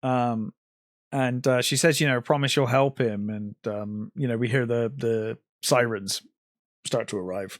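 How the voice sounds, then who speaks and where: A man in a casual podcast chat, walking through a movie scene by scene and slipping into the characters' lines. His voice sits in a middling register and is recorded close and dry, with no room around it. He fills pauses with frequent ums. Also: mid-range voice, steady tone, no echo. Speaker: podcast co-host. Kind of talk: casual film discussion.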